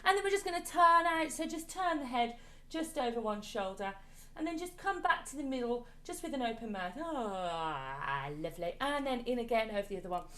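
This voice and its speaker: A woman leading an online choir warm-up from home over a video call, chatty and encouraging, coaxing the group along with repeated praise. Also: high voice, animated, brisk. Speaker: choir leader. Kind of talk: online singing warm-up class.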